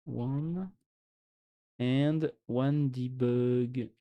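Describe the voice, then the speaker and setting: A man's voice: mid-range voice, fairly even intonation, extremely slow, warm tone. A man with a French accent chatting casually and joking while he codes on a live stream. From France. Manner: joking, musing aloud, full of restarts.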